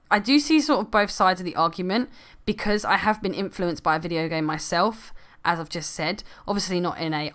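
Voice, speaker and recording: A young gaming vlogger speaks casually to the camera in a medium-pitched voice. She's chatty and laughs a lot, sometimes lowering her voice for quiet asides.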